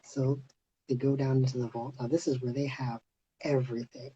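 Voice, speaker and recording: A man hosting a casual livestream chat, telling a story in an animated way with lots of "like" and "you know". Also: mid-range voice, moderate pace, dull audio, slight background noise. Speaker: host of livestream. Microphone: phone on a live video stream.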